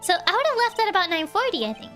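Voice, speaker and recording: A woman reading the lines of a gentle young nun in a game, soft and polite. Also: very high voice, very animated, quick pace, over music, pitched above the performer's own voice. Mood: calm.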